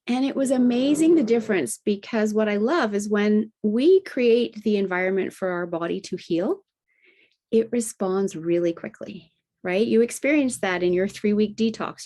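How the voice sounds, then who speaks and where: A middle-aged woman, a health coach, telling a personal story in a conversational podcast interview and often adding "you know" and "right?". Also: mellow. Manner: acts out remembered dialogue with lifted pitch. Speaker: guest, integrative health practitioner and health coach.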